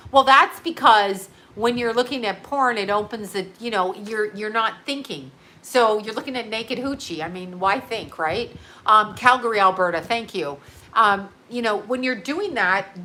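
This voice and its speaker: Woman, psychic livestreamer, rambling, emphatic, swears, bright sharp voice. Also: a little high. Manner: rambling, emphatic, swears, reads viewer comments. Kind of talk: unscripted livestream rant.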